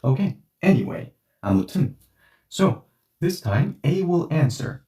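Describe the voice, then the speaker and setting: A man's voice: fairly high pitch, moderate pace, far from the mic. Male language teacher, chatty and explanatory, voice rising and falling a lot, recorded in an echoey room. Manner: explains through hypothetical scenarios, conversational and animated. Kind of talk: online language lesson. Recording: roomy echo, voice set back from the mic.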